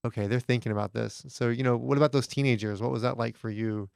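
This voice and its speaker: A male podcast host in a relaxed interview, talking with a gravelly yet smooth voice. He laughs easily and loops back to rephrase his questions. The sound is dry and close. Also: medium pitch, fast, dry recording. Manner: laughs often, restarts questions. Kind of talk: casual interview.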